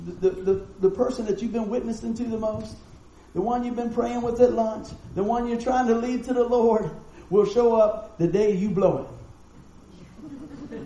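A man's voice: high-pitched, dark tone, a little hiss or hum. Folksy man preaching in an echoey hall. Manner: folksy, conversational preaching with rhetorical questions. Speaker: pastor. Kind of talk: sermon. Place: church hall with congregation. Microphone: live stream mic.

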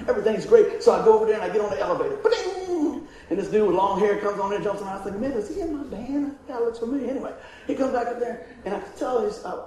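A man preaches in a folksy storytelling way, laughing often and acting out each voice in his story. His voice sits high for a man. The sound bounces heavily around a big echoing room, with a faint hiss behind it. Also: dark tone. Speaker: evangelist preacher. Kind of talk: storytelling sermon testimony. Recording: heavily echoing hall with faint ambient noise.

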